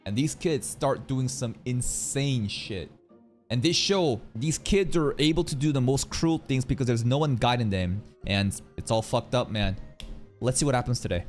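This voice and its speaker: A man hosting an anime reaction, talking casually in an animated, slangy and profane way, often saying "bro". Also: medium pitch, moderate pace, soft background music.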